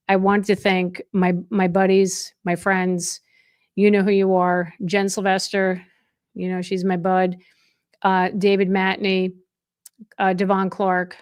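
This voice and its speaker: A woman's voice: lowish voice, dry recording, studio quality. A middle-aged woman hosting a real estate live stream, chatting with viewers in an effusive, chatty way and often restarting her sentences. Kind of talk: casual live stream chat.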